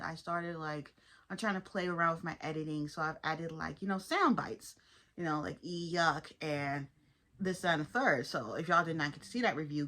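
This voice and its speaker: A woman chatting casually to her viewers as she reviews a cartoon episode, lively and informal. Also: low-pitched. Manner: chatty, animated, addresses viewers as y'all. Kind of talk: casual commentary.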